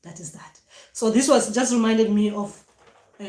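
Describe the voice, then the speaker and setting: A woman's voice: mid-range voice, normal speed, a little mellow. Woman chatting loosely to her viewers about spirit stuff, lots of ums and restarts, roomy echo and a faint hiss. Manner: rambling, searching for notes, many fillers and restarts. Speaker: spiritual talk host. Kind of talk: casual live spiritual talk to viewers. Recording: echoey room with faint noise.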